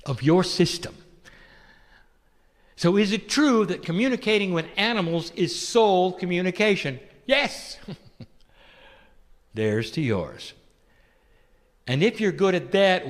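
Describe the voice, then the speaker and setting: A man giving a channeled spiritual talk, posing gentle rhetorical questions and calling the listener "dear one". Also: high voice, long reverb tail.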